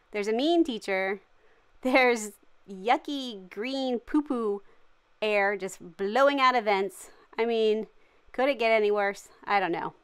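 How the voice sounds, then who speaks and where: A woman with a smooth, medium-pitched voice hosts a gaming channel, offering playful running commentary that's cheery, jokey, and dramatic as she plays.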